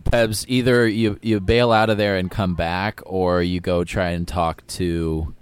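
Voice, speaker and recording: A man's voice: deep voice, flat delivery, unhurried, clear, resonant tone, dry recording. A man playing a tabletop game, giving thoughtful advice to the others. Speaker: player. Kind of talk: casual tabletop role-play.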